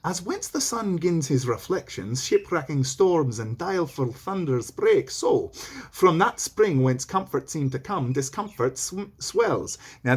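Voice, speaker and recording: A man's voice: on the high side, husky. A man teaching a read-along lesson, reading lines aloud and explaining them in a chatty, slangy way.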